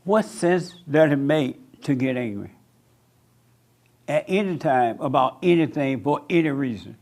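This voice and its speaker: A man's voice: medium pitch, animated, unhurried, a little mellow. A man preaching to a live audience, emphatic, repeating phrases and asking rhetorical questions, with teasing asides.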